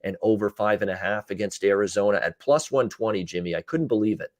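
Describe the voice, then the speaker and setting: A man hosting a casual sports betting chat, recapping games in quick runs with frequent "uh" fillers. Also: on the low side, no room sound. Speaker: betting show host and handicapper.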